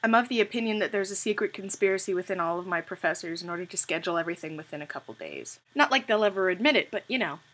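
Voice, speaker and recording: A young woman in college telling funny stories to her camera in a casual, animated way, swearing freely and joking. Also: medium pitch, racing, few pauses. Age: young adult. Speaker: vlogger.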